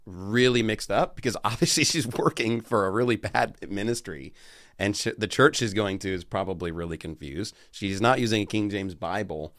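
A man's voice: lowish voice, no room sound, studio quality. A man hosting a casual chat, talkative and laughing, with stammering restarts. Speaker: show host.

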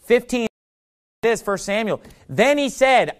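Male preacher, sermon, reads scripture aloud, rhetorical questions, high voice. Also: big pitch swings, a little slow. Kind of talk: sermon, Bible teaching.

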